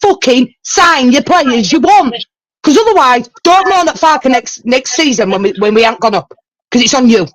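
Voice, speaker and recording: A woman's voice: high-pitched, expressive, normal speed, no echo, low-quality recording. An older woman on a football fan livestream, ranting in exasperation, swearing heavily and then apologizing. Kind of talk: heated casual fan chat.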